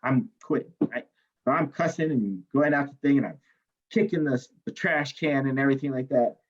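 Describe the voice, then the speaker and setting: Man, chemistry instructor, classroom lecture, animated storytelling, middle pitch, muffled lo-fi recording. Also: normal speed. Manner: animated storyteller, asks "right?" often, swears.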